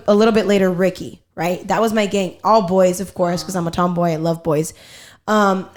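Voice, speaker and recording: A young woman hosting a podcast, telling a family story in a casual, animated way and swearing freely. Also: mid-range voice. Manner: animated, profane storyteller, quotes herself and others. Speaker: podcast host.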